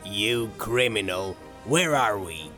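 Gruff male sea captain, read by a man, low voice, unhurried blunt delivery. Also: fairly bright tone, soft background music. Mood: angry. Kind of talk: audiobook dialogue.

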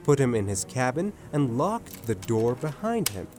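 A man narrating a story in a scripted audiobook reading with a lively storytelling delivery. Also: mid-range voice, normal speed, music in the background.

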